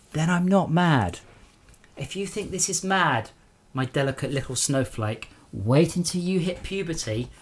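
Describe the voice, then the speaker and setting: A man's voice: a little high, a little mellow, slightly rough. A man streaming a game live and sarcastically scolding trolls in his chat.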